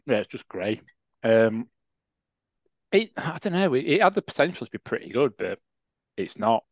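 A man's voice: medium pitch, sing-song, normal speed, dry recording. A man co-hosting a casual football podcast, teasing and dry in his remarks. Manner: wry, teasing, dry understatement. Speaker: podcast co-host. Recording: dull lo-fi dry mic.

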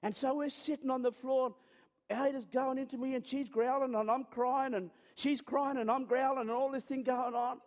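A man's voice: very high-pitched, steady tone, moderate pace, big-room sound. A man preaching a sermon through chatty, self-mocking stories, often stopping and restarting his sentences. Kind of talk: storytelling sermon.

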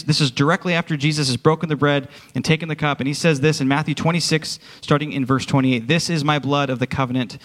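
In a church sanctuary, a worship pastor with a medium-pitched voice preaches a sermon, speaking earnestly and directly to his congregation. The audio has a big-room sound.

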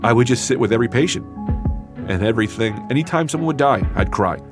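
A man's voice: mid-range voice, lively intonation, fast talker, over music. A man, a comedian, telling a personal story in a casual, conversational way with loose phrasing.

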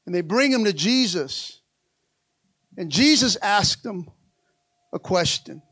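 A man's voice: high voice, expressive, slow, long pauses, bright, forceful tone, slightly rough, dry recording. A man preaching a rousing sermon, calling on the congregation and repeating lines for emphasis. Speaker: pastor.

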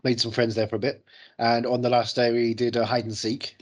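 A man's voice: medium pitch, level tone, brisk. A man co-hosting a podcast in casual chat, joking and rambling and swearing freely. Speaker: podcast co-host.

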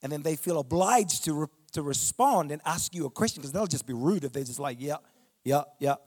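New pastor preaching with rising emphasis. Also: male voice, fairly high pitch, expressive, fairly quick, a little mellow. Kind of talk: sermon.

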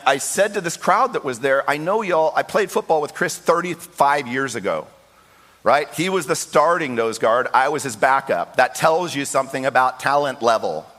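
Male pastor, preaching storyteller, acts out quotes, echoing church hall. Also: on the high side. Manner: storytelling with lively voiced quotes. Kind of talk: sermon. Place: church sanctuary. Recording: long hall reverb.

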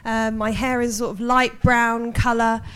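A woman's voice: a little high, level tone, measured pace, a bit bright, clean tone. A young woman introducing herself hesitantly with many ums on a live podcast. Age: young adult.

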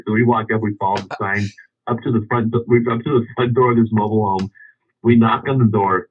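Low, husky man telling a rambling story, on a tinny phone line. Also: fairly even intonation, fast. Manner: rambling, with many restarts and chuckles. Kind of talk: casual anecdote.

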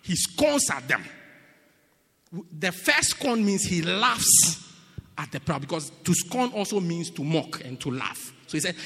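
Husky bright-voiced preacher guy, shouts then whispers, big echoey hall. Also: on the high side, very animated, unhurried. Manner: swings from shouting to near-whispering, playful and teasing. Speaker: bishop preaching. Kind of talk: sermon. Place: church hall. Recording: long hall reverb.

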